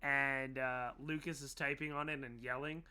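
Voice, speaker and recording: A man narrating a tabletop role-playing game as game master, laughing often and slipping into quick character voices. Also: mid-range voice, level tone, bright, forceful tone, clean tone.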